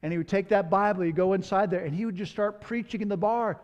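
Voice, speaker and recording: A man's voice: high-pitched, fairly even intonation, brisk, few pauses, a little mellow, in a large hall, dull audio. A man preaching a sermon as pastor. He tells stories in a conversational way, with candid asides.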